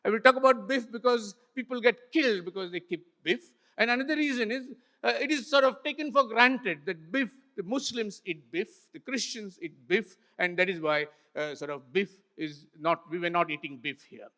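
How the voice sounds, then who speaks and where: Bright-voiced older Indian man in a hall. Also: sits high. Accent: Indian English. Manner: unhurried, many pauses and fillers, points at slides. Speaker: festival speaker. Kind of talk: illustrated talk to an audience. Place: large hall with an audience. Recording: hall reverb from a stage mic.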